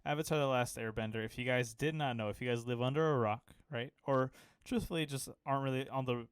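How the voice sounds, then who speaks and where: Young male podcast co-host, smooth clear voice, rambling and enthusiastic, dry. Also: medium pitch, fast talker, no echo. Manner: rambling, filler-heavy, enthusiastic. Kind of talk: casual anime podcast chat.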